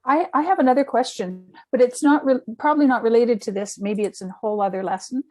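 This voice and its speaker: A woman's voice: on the high side, quick pace, darkish tone. A woman asking questions in a language class, curious and hesitant, sounding out words. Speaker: student.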